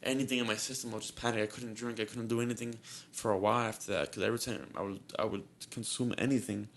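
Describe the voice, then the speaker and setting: A man's voice: on the low side, fairly even intonation, quick pace, fairly bright tone, a little hiss or hum. A young man on a podcast telling a story in casual chat, rambling and repeating himself with a lot of "like", sounding shaky and nervous. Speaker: podcast co-host.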